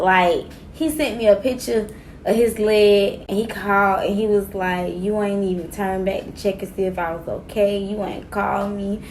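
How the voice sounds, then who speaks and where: A woman's voice: medium pitch, slight background noise. A woman, telling a dramatic personal story in a casual, slangy way and acting out what others said. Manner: animated, acts out quotes, slangy.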